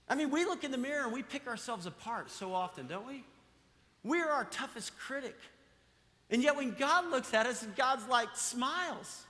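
A pastor delivers an emphatic sermon in a high, forceful voice, hammering his points home by repeating them and asking the congregation questions. His words ring out with the long reverb of a large church sanctuary. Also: expressive, normal speed.

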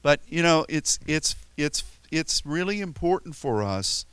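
A man's voice: on the high side, big pitch swings, unhurried, a bit bright, clear, resonant tone, dry recording. A man preaching a sermon as pastor, talking conversationally with frequent restarts and telling light stories. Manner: tells stories with chuckles and playful quoted voices.

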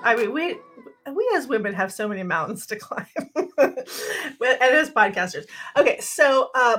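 Middle-aged woman podcast co-host, bright tone, chatty, laughs a lot. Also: a little high. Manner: animated, laughs often, rambling restarts. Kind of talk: casual chat.

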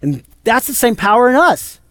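A male pastor preaching a sermon in a conversational, lively storytelling way. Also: very high-pitched, normal speed.

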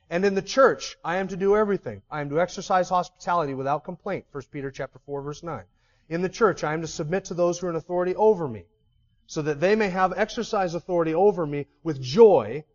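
A man's voice: high-pitched, long reverb tail, lo-fi sound. A man preaching a sermon as a pastor, with emphatic stress and repeated key words.

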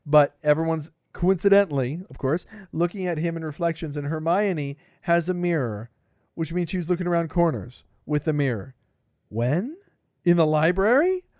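A man's voice: fairly high pitch, animated, normal speed, a little mellow, no echo, studio quality. A man co-hosting a podcast, rambling through a jokey movie review and stammering over repeated words. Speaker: podcast co-host. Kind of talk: casual movie review chat.

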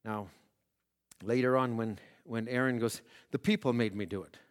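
A man's voice: mid-range voice, normal speed, long reverb tail. A man preaching a sermon, reading scripture aloud and building to emphatic, rising appeals. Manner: preaching with rising emphasis, voicing quoted prayers.

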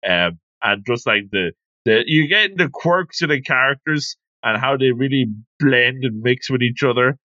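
A man co-hosting a relaxed podcast chat, his voice bright and forward as he talks things through. The mic sounds a little dull and lo-fi, and the room is dry. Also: medium pitch, dry recording. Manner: relaxed, chatty, quick quips. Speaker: podcast co-host. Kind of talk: casual podcast discussion.

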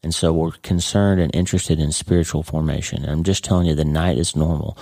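A man's voice: rumbling low, fairly even intonation, brisk, vocal fry, dark tone, no echo, studio quality. A man hosting his podcast in a casual spoken monologue, earnest and emphatic, often repeating his words. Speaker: podcast host.

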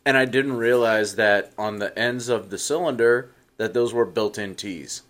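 A man's voice: fairly low pitch, moderate pace, fairly bright tone. A man co-hosting a podcast in casual chat, laid-back with dry remarks. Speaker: podcast co-host.

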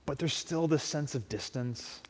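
A man's voice: mid-range voice, a little slow, a little mellow, slightly rough. A man preaching a conversational sermon, often acting out imagined dialogue. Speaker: pastor. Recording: long hall reverb.

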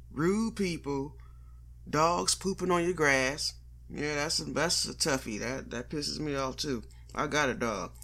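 A man's voice: fairly high pitch, pushed and bright. Profane sarcastic man ranting. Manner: slangy vernacular delivery. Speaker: host. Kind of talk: profane comedic monologue.

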